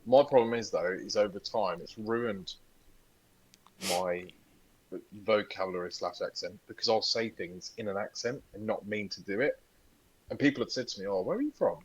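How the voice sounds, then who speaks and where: A man's voice: on the low side, moderate pace, highs cut off, a little hiss or hum. A young man co-hosting a podcast, telling stories with lots of energy and plenty of swearing. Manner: animated storyteller, swears freely. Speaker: podcast co-host. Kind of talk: casual chat.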